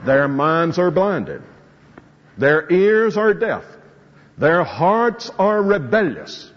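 A man's voice: on the high side, very animated, drawn-out words, slight background noise. A man preaching an expository sermon, reading scripture verses and explaining them with rising emphasis. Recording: muffled hall recording with long reverb.

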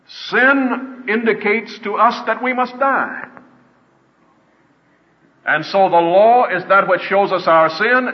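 A man preaching a sermon in an earnest way, slowing down to stress his points. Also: high voice. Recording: dull lo-fi with long reverb.

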